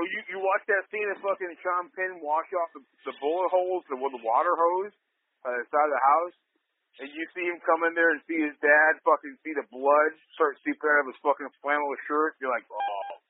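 A man's voice: a little high, fairly even intonation, brisk. Male podcast co-host, emphatic and repetitive, heard over a thin phone-like line with light background hiss. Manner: emphatic, repeats himself, swears a lot. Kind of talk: casual profane chat. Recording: tinny phone-like line with faint noise.

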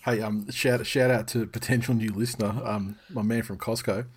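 A man's voice: fairly low pitch, steady tone, normal speed, husky. A middle-aged man co-hosting a podcast, chatting casually in a rambling, self-interrupting way, swearing freely and laughing often. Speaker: podcast co-host.

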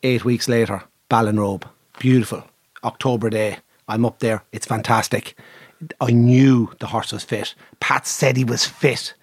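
An Irish man and racehorse owner telling an animated story in casual chat, swearing freely, laughing and acting out other people's voices. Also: mid-range voice, measured pace, breathy edge, no echo, clean studio sound.

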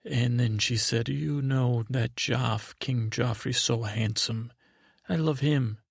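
Male comic improviser, gravelly and flat, playing a naive childlike narrator who rambles and restarts constantly. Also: mid-range voice, no echo, clean studio sound. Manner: rambling, halting, full of restarts; naive, childlike storyteller persona. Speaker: comedy podcast host. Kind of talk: improvised in-character comedy storytelling.

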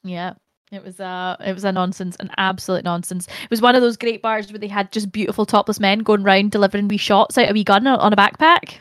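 A young Scottish woman, a podcast guest, chatting casually and telling animated stories with the odd swear word. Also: medium pitch, fast talker, dry recording, clean studio sound. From Scotland. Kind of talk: casual chat.

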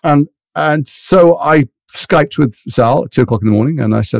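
A middle-aged actor telling animated anecdotes in an interview, acting out other people's voices. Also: male voice, mid-range voice, brisk, gravelly, no room sound, studio quality. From England. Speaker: actor guest.

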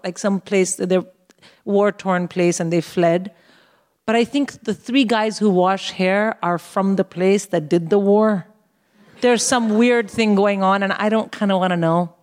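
A woman in her forties co-hosting a live comedy show, telling a wry, animated story and swearing freely on a stage. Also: mid-range voice. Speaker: co-host. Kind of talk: comic storytelling to a live audience.

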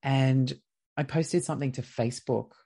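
A woman's voice: a bass voice, moderate pace, breathy edge. A woman with an Australian accent, a podcast guest telling a personal story casually and acting out what each person said. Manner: lively, acts out quoted dialogue.

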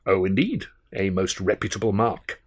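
A man voicing a formal, deadpan English butler with a dry wit and an English accent. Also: low voice, normal speed, husky. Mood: polite.

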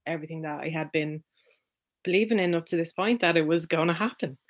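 A woman's voice: deep voice, fast. A young adult woman, a guest telling a personal story in a chatty way, with many ums and restarts.

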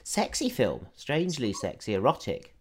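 A male radio host chats with his guest, rambling and restarting his sentences. His pitch sits in the middle for a man. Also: wildly swooping pitch, moderate pace. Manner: chatty, rambling, many restarts. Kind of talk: casual interview chat.

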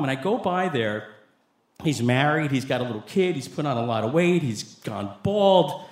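High-voiced man telling a story live. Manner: conversational, animated, with rueful laughs. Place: club stage before an audience. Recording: echoey live venue.

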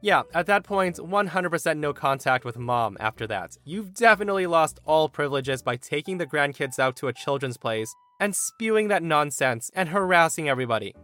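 A man narrating entitled-people stories as host, in an animated, expressive manner. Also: on the high side, fairly quick, few pauses. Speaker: story narrator and podcast host. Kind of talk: storytelling narration of reddit posts.

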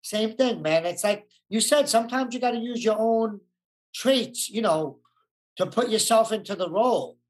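A man's voice: high-pitched, normal speed. A man, an actor guest who tells laid-back stories and says "like" a lot. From New York. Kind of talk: casual interview chat.

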